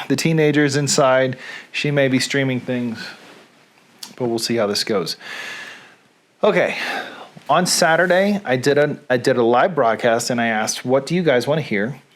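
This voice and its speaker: A man's voice: mid-range voice, moderate pace. A man with a Southern US accent hosting a casual live stream from home, chatting in a rambling, self-deprecating way with asides. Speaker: host. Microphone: camera on stand.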